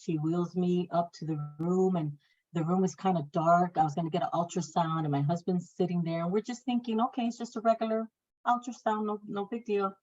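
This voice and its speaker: A woman in her thirties telling a personal story, acting out the people in it with raised, lively voices. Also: lowish voice, lo-fi sound. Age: 30s. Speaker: guest sharing her testimony.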